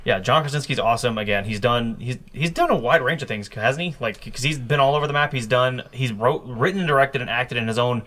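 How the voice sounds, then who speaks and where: Male podcast co-host, mid pitch, loose rambling chat. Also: fairly quick, few pauses, a bit bright. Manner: rambling, restarts often, playful. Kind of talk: casual group chat.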